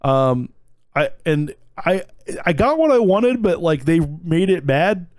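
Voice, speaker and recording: A man's voice: on the high side, very animated, takes it slowly, a little mellow, no echo. A man co-hosting a casual podcast chat, rambling with lots of fillers and laughing often. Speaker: podcast co-host.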